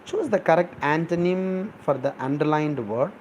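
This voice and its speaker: A man's voice: on the high side, lively intonation, normal speed, a little mellow, a little hiss or hum, low-quality recording. A middle-aged man, a professor explaining words for an exam, spelling them out letter by letter. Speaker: English professor. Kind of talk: exam-prep vocabulary lesson.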